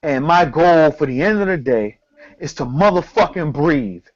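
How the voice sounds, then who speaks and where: Animated slangy man telling a story. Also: a little high, normal speed, lo-fi sound. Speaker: podcast co-host. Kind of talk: storytelling in casual chat.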